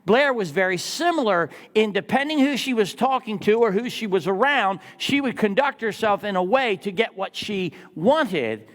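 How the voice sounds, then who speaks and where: A lively male pastor in his 60s preaches a sermon in a church sanctuary, telling stories animatedly and posing rhetorical questions to the congregation. His voice is high-pitched, at a moderate pace with few pauses, and the hall gives a long reverb.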